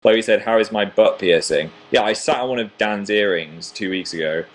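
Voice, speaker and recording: Young male livestream host, chatty and self-mocking, slightly low voice, reading fan comments. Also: moderate pace. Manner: chatty, self-deprecating, reads viewer comments aloud.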